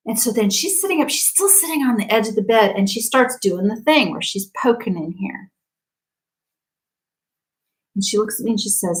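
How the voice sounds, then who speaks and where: A woman practitioner telling a story in a casual monologue, lively and chatty, full of fillers and acted-out quotes. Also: medium pitch, moderate pace, low-quality recording. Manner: animated, acts out quoted speech. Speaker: quantum healing practitioner.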